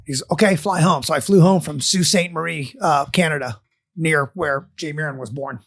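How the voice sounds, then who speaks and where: A man's voice: on the high side, moderate pace, vocal fry. An older man in casual podcast talk, telling stories animatedly and acting out what people said. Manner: animated storyteller who acts out quotes. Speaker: guest. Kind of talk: storytelling podcast chat.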